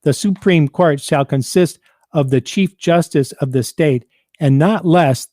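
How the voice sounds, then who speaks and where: A man hosting a civics program, reading out and explaining a state constitution in a measured, deliberate way. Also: a little high, a little mellow, dry recording, clean studio sound. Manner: measured, deliberate, quotes documents aloud.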